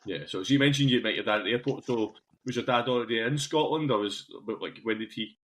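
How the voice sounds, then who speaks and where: A man's voice: mid-range voice, quick pace, fairly bright tone. A man hosting a podcast and asking long, rambling questions full of fillers. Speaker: podcast host, interviewer. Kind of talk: casual interview chat.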